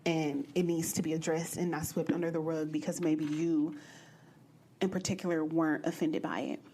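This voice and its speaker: A young woman from the American Midwest hosting a podcast, telling a personal story in a blunt, profane and animated way. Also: low voice, normal speed, slightly rough. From Midwestern United States. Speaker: podcast host. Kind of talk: candid storytelling monologue.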